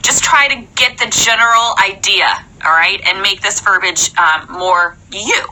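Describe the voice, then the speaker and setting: A young woman in a chatty, animated live-stream coaching talk, often checking in with "okay?". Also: mid-range voice, a little slow, low-quality recording. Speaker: sales trainer.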